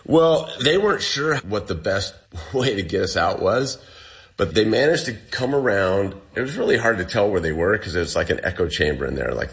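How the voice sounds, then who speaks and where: A man, the guest, recounts a personal ordeal in a casual storytelling way, with lots of fillers and a pace that speeds up and slows down. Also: low voice.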